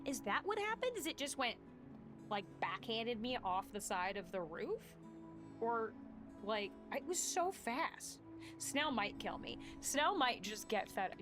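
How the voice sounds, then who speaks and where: A woman streaming a game live, chatting casually and reading game text aloud, swearing and joking about herself. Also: fairly high pitch. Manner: chatty, self-mocking, swearing.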